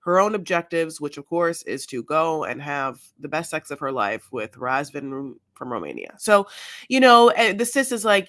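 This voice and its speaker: A woman's voice: on the low side, lively intonation, normal speed, fairly bright tone. A woman co-hosting a podcast, retelling scenes in a chatty, filler-heavy way and slipping into playful quoted voices. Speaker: podcast co-host. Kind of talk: casual recap chat.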